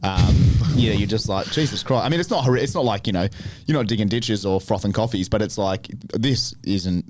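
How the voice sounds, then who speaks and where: Fast-talking man, lively storyteller. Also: fairly low pitch, slight background noise. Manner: animated storytelling with lots of swearing. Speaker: podcast guest, actor. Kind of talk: casual chat.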